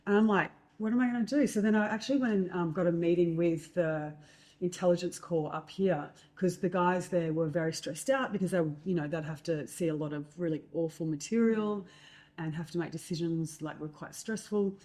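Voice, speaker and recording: A middle-aged Australian woman, a guest, telling lively stories in conversation and acting out what others said, with many fillers. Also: lowish voice, brisk. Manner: lively anecdotes with acted-out quotes, fillers. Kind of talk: storytelling in conversation.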